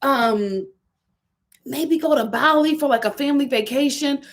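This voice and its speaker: A woman's voice: high voice, a little slow. A woman giving a sassy, emphatic live review of a reality TV show, often repeating her points for effect.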